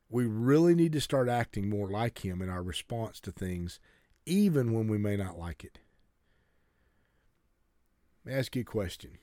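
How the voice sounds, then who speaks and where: A man's voice: mid-range voice, a little mellow, dry recording, clean studio sound. A man preaching a sermon to a congregation, urging them earnestly and often stumbling and restarting his sentences. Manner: earnest exhortation with stammered restarts.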